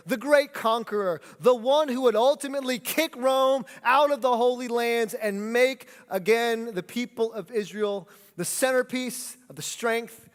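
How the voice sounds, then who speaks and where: A pastor delivers a sermon in a lively, animated style, calling on the congregation to speak lines back with him. His voice sits high for a man, and it carries through a hall with long reverb. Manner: animated preaching, leads congregation in call-and-response. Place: church sanctuary.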